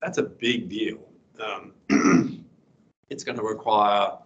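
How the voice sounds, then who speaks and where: A middle-aged man giving a guest lecture with slides, hoarse and clearing his throat, speaking haltingly with many fillers and restarts. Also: lowish voice, fairly even intonation, fairly bright tone, dull audio.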